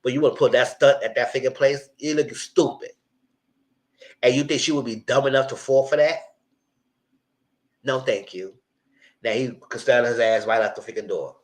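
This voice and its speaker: A young man hosting a casual live TV recap, animated and slipping into the voices of the people he quotes. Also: medium pitch, normal speed, pauses often, roomy sound, poor audio. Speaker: YouTube TV recap host.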